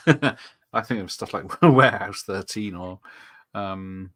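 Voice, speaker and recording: Bright-toned, giggly man hosting. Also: lowish voice, slow. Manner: giggly, frequent laughter, swears. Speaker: watch-party host. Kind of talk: casual watch-party chat.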